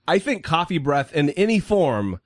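A man's voice: a little high, big pitch swings, takes it slowly, no echo, clean studio sound. A man hosting a podcast in loose, joking, profane casual chat. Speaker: podcast host.

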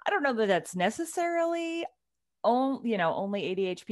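A middle-aged woman with a light Southern twang, co-hosting a casual podcast chat with quick laughs. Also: a little high. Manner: animated, chatty, quick laughs. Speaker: podcast co-host.

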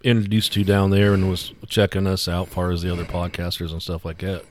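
A man's voice: sits low, completely flat delivery, a little fast, a little hiss or hum. A man co-hosting a casual trucking podcast, telling folksy, rambling stories with lots of restarts. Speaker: podcast co-host. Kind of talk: casual chat.

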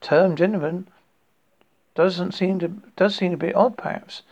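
A gravelly, husky man in his late fifties reads his own horror story aloud. He rambles and breaks off into jokey asides. The recording is dull and lo-fi. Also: high voice, steady tone, unhurried, darkish tone. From United Kingdom. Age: 50s. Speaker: horror podcast host.

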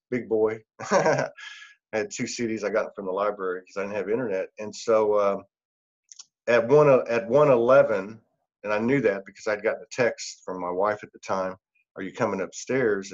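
A man's voice: on the low side, normal speed, dull audio. A middle-aged man, a podcast guest, telling a personal story in an earnest, rambling way, laughing often and using many fillers. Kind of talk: casual storytelling.

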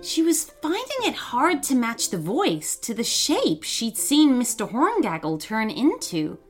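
A woman reads a children's story aloud with expressive, dramatic narration. Her voice is fairly high and moves a great deal in pitch, and soft music plays faintly behind her. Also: measured pace. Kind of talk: storybook reading.

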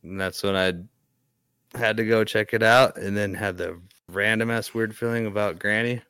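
A man's voice: on the low side, steady tone, normal speed, pushed and bright, smooth, no room sound, clean studio sound. A young man casually telling a ghost story on a podcast, rambling and restarting often. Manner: rambling, hesitant, many restarts. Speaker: podcast guest.

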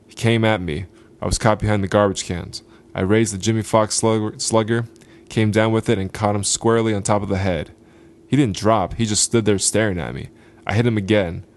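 A man hosting a podcast, reading a short story aloud in a slow, deliberate way. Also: fairly low pitch. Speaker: podcast host.

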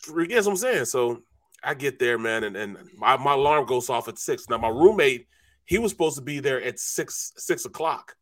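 A man's voice: mid-range voice, expressive, normal speed, fairly bright tone. A man from St. Louis co-hosting a sports talk show and telling laid-back stories, saying "man" and "you know" a lot. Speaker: sports talk show co-host, former football player. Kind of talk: casual sports talk storytelling.

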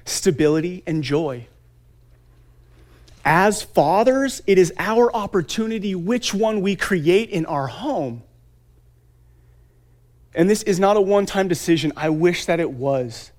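A man in his thirties giving an earnest motivational talk at a conference, with dramatic pauses and emphatic lists. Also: on the high side, a little mellow.

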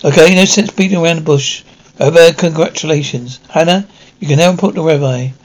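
An actor playing a brisk, demanding male security firm executive in a TV drama, curt and questioning. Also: on the high side, natural voice, low-quality recording. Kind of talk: TV drama acting.

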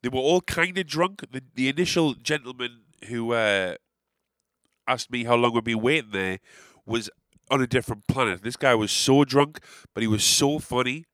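A young man with an English accent telling a long casual anecdote, rambling and animated, with frequent swearing and sarcastic asides. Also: medium pitch, normal speed, dry recording, studio quality. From England.

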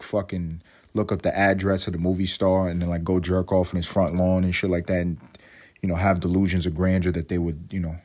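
A man with a low-pitched, darkish voice hosts a casual solo podcast, rambling and swearing freely. He mocks himself and keeps breaking into bursts of laughter.

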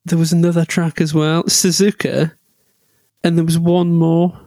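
A man's voice: a little high, level tone, unhurried, darkish tone, no echo. A man chatting casually and jokily about racing, rambling and laughing often. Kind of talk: casual motorsport chat.

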